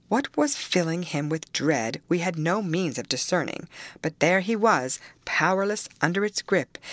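Low-voiced woman narrating a classic novel. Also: a bit bright, no echo. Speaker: audiobook narrator.

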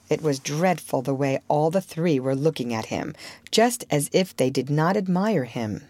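A woman reading a classic children's book aloud in a lively, expressive storytelling manner. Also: low voice, normal speed, dry recording.

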